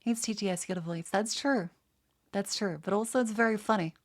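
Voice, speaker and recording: A woman's voice: medium pitch, fast. A woman with an Australian accent, chatting casually on a livestream and swearing freely. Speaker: streamer.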